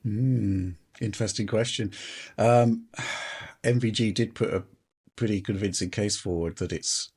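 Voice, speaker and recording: A low, gravelly male voice with a husky edge hosts a relaxed panel chat. He hesitates often and restarts his sentences. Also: a little slow. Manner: hesitant, many ums and restarts. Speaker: host.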